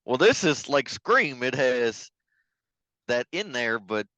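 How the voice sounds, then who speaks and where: A man co-hosting a podcast, chatting casually about a film, profane and quick to laugh. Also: medium pitch, big pitch swings, pushed and bright, dry recording, poor audio. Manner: loose, profane, laughing storyteller. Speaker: podcast co-host. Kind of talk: casual movie review chat.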